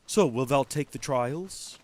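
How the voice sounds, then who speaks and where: A man voicing an all-knowing male talking chicken in a deep, slow, solemn tone with old-fashioned phrasing. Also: darkish tone, slight background noise, lightly acted. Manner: slow mock-archaic oracle speech. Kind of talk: voicing game dialogue while streaming.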